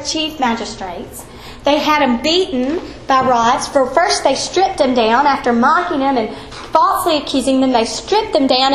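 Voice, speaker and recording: High-voiced woman teaching a Bible study. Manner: animated storytelling, acts out quoted voices. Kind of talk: Bible lesson and closing prayer. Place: church room. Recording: echoey room with faint background noise.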